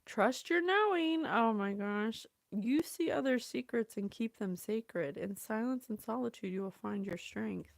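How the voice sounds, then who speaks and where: A woman hosting a psychic livestream, talking slowly in a fairly high voice. She is effusive and chatty and gushes over her viewers. The sound is close and dry, with no room echo. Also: vocal fry. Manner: effusive, gushing, chatty, greets viewers by name. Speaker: psychic reader and show host. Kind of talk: casual livestream channeling talk.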